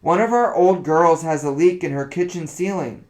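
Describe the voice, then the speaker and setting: A man's voice: fairly high pitch, moderate pace, darkish tone, voice pushed up, natural voice. A man voicing a brusque, snappish older woman who gives curt orders.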